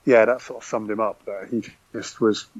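A man's voice: lowish voice, fairly even intonation, moderate pace. Man chatting football on a dull line. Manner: enthusiastic, rambling with restarts. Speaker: podcast guest. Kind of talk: casual football chat.

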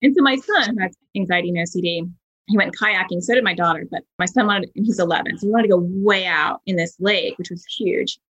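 Husky-voiced woman podcast host. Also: lowish voice, a little fast, muffled recording. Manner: chatty, animated storyteller with many fillers. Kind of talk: casual conversational storytelling.

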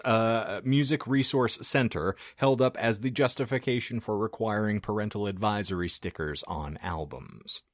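Wry podcast host with lively pitch. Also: male voice, dry recording, studio quality. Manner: wry, sarcastic asides. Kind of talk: casual podcast chat.

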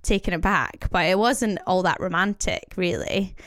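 A woman's voice: lowish voice, normal speed, a bit bright, no room sound, studio quality. A young woman co-hosting a podcast, telling a story in a casual, chatty way with lots of fillers and laughter. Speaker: podcast co-host. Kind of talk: casual chat.

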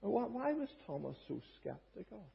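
A man's voice: high-pitched, very animated, normal speed, gravelly, slightly rough. A man preaching a sermon in an earnest, emphatic way, with small hesitations as he works through a Bible passage. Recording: dull lo-fi podcast recording.

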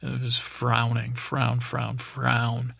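Gravelly, halting bedtime storyteller man. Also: mid-range voice, completely flat delivery, a bit bright, dry recording. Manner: rambling and halting, with many fillers and restarts. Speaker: podcast host. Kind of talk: improvised bedtime story narration.

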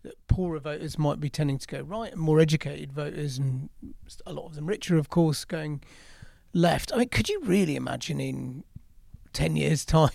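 Gravelly male podcast host asking questions. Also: a little high, moderate pace, no room sound, studio quality. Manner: probing questions, lively inflection. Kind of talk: podcast interview.

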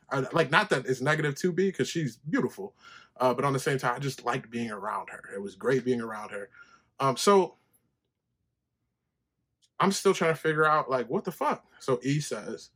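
A man hosting a podcast, telling a personal story in a casual, profane monologue and acting out quoted conversations in a higher voice. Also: fairly bright tone, slightly rough. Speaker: podcast host.

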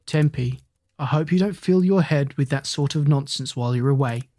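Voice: medium pitch, moderate pace, dark tone, dry recording, studio quality, natural voice. A reader voicing a stern, practical father in a storybook, dismissive and matter-of-fact.

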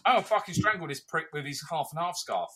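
A man co-hosting a football podcast, telling stories in a sweary, animated way. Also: on the high side, fast talker, a loud crowd. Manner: sweary, animated storytelling with mocking posh voices. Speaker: podcast co-host. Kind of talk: casual football chat.

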